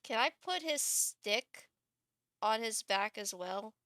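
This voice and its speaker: A woman's voice: fairly high pitch, lively intonation, slow pace, a bit bright, no room sound, studio quality. A woman streaming live, chatting casually and thinking aloud while she builds a game character, gushing and laughing.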